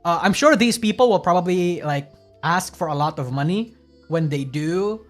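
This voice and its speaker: A man's voice: high voice, expressive, normal speed, faint music behind. Swearing, rambling male streamer. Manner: profane, rambling, self-deprecating. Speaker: streamer reacting to clips. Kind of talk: casual reaction commentary.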